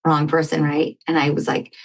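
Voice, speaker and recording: A woman's voice: low-pitched, moderate pace. A woman guest on a talk show, telling a personal story in conversation and acting out what others said. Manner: animated storytelling, acting out quoted dialogue. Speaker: podcast guest.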